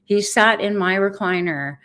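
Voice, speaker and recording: A woman's voice: medium pitch, a little slow, bright, forceful tone. A woman in her fifties talking candidly to her viewers on a livestream, earnest, blunt and heartfelt. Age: 50s. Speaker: vlogger sharing her cancer treatment.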